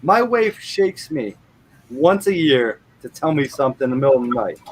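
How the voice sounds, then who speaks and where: A man's voice: mid-range voice, sing-song, normal speed, slightly rough. A man hosting a live show, telling rambling everyday stories and swearing freely in casual chat.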